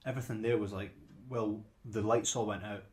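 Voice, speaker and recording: Podcast co-host, man, lowish voice, casual conversational delivery, restarts sentences. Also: fairly even intonation, brisk, a little mellow. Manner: conversational, repeats words when starting sentences. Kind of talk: casual chat.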